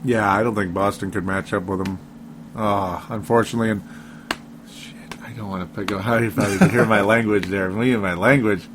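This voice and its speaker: A man's voice: fairly low pitch, steady tone, fairly quick, noisy background. Rambling man chatting about basketball. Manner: rambling, laughs often, self-interrupting. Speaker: podcast co-host. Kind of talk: casual sports chat.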